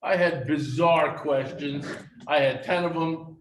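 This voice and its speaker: A man's voice: a little high, steady tone, unhurried. Man telling funny memorial stories. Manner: humorous anecdotal storytelling. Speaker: eulogy speaker. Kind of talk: storytelling memorial speech. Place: synagogue hall. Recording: echoey hall from far off with faint noise.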